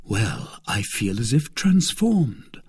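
A man voicing a young gallant swordsman in an audiobook, speaking in a calm, caressing, persuasive way. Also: lowish voice, slow, breathy edge, exaggerated voice. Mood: tender.

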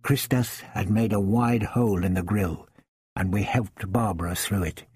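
A man reading a first-person adventure story aloud in a measured, dramatic storytelling manner. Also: sits low, a little mellow, slightly rough. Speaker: audiobook narrator. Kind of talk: scripted first-person narration.

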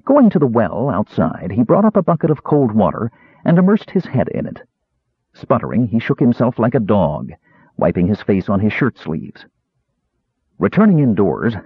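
A man narrating a fantasy audiobook with a very expressive delivery. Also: on the low side, slightly rough, dry recording. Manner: very expressive, wide-ranging delivery. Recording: dry, tinny phone-like sound.

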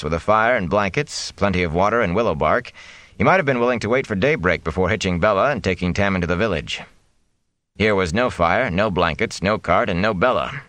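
Deep-voiced man narrating an audiobook. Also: a bit bright, no echo. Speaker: audiobook reader.

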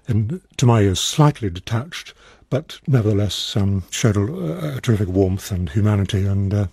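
A man's voice: on the low side, a little mellow, breathy edge, no room sound, clean studio sound. A man speaking thoughtfully and hesitantly about a colleague. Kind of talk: round-table reminiscence.

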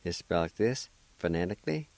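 A man hosting a radio language lesson, spelling out each word and repeating it slowly and deliberately, with gentle encouragement for beginners. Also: low voice, very animated, creaky, no room sound, low-quality recording. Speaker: radio host teaching a language.

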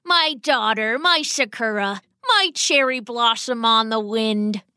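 A woman's voice: a little high, slow pace, sharp tone, clear, resonant tone, dry recording, studio quality. A woman doing a pompous old father rat. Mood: doting. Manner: blustering, theatrical.

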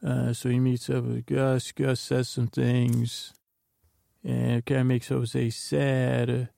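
A man with a gravelly, mellow voice, ambling through a recap of his notes. His pitch stays flat and unhurried, and the recording is dry and close. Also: no room sound. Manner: meandering, reads his notes aloud with asides. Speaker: podcast host. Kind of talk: rambling episode recap from notes.

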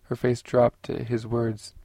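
A man narrating a science fiction audiobook in a steady, unhurried way. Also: mid-range voice, gravelly, no room sound.

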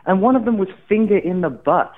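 A man's voice: high voice, lively intonation, a little fast, a little hiss or hum. A man with an Australian accent, a remote guest telling a story in casual chat with rambling restarts. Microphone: remote call. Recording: tinny phone line.

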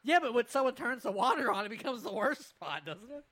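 A man's voice: very high voice, very animated, brisk, pushed and bright. A young man hosting a casual podcast, reacting to videos with profane jokes and frequent laughter. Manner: joking, profane, laughs often. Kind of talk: casual chat.

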